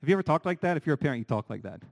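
A middle-aged man preaching a sermon as pastor, animated, asking the congregation rhetorical questions. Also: fairly high pitch, very fast, gravelly, low-quality recording.

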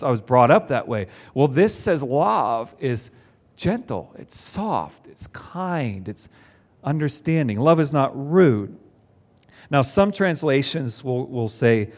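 A man's voice: a little high, darkish tone. A man preaching a sermon to a congregation, conversational, with rhetorical questions. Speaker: pastor. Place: church before a congregation.

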